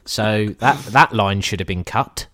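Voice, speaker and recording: A man's voice: on the low side, measured pace, sharp tone, dry recording, clean studio sound. A man co-hosting a podcast, chatting casually about films, laughing often and swearing with rambling asides. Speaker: podcast co-host reviewing films. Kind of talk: casual chat.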